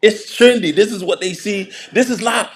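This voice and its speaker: A man's voice: high voice, normal speed, slightly rough. A middle-aged man hosting a show, giving a casual, joking commentary monologue and laughing often. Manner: joking, laughing often, mocking put-on voices. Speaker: show host.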